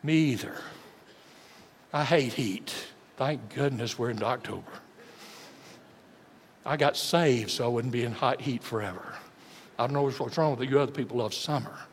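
Dramatic preacher in a reverberant hall. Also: male voice, normal speed, pauses often, a little hiss or hum. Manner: dramatic, swinging between booming and hushed. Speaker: pastor. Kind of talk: sermon. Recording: long church hall reverb.

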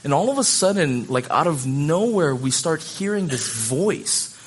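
Male pastor, thirties, from Hawaii, animated sermon storyteller, slightly high voice. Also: unhurried, slight background noise.

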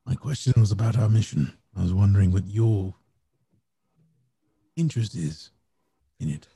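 A man playing a tabletop game, asking calm, curious questions. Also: fairly low pitch, moderate pace, vocal fry, husky. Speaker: player.

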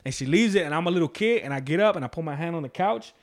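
A man's voice: a little high, expressive, rapid-fire. A man in casual chat, telling a story in heavy slang with lots of swearing.

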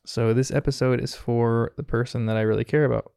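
A man's voice: medium pitch, fairly even intonation, fairly quick, creaky, mellow, clear, resonant tone, dry recording, clean studio sound. An American man hosting a podcast, talking in an earnest, reflective way as he recaps a cartoon episode, chuckling often. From United States. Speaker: podcast host.

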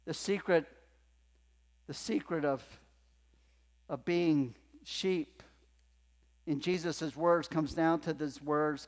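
A man preaching a sermon as pastor, emphatic and swinging between hushed and loud passages. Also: on the high side. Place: church sanctuary. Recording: long hall reverb in a church.

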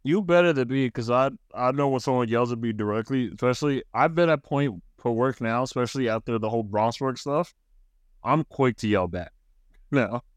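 A man's voice: medium pitch, clear, resonant tone, no room sound. A man co-hosting a casual podcast who laughs a lot and tells loose stories from work. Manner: laughs often, quick reactions, loose storytelling. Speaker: podcast co-host. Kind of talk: casual chat.

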